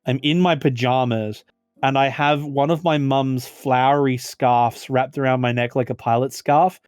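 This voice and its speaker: A man co-hosting a casual podcast, talking with animated passion and quoting film lines. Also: medium pitch, normal speed, clean tone, no room sound, clean studio sound, faint music behind. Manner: animated, impassioned rants with quoted film lines. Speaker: podcast co-host.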